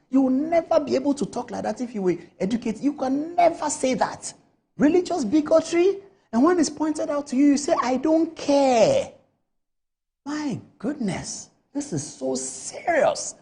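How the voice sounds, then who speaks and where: A woman's voice: high voice, expressive, fairly quick, vocal fry, dark tone. A woman giving heated political commentary on a TV panel, firing off rhetorical questions and scolding with repetition. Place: TV studio.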